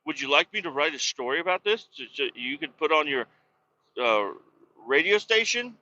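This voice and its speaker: Man putting on a high chirpy AI chatbot, overly polite, apologetic, eager to help, lo-fi podcast sound. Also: very animated, moderate pace, pushed and bright. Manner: apologetic, eager, falsely helpful. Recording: dull lo-fi recording.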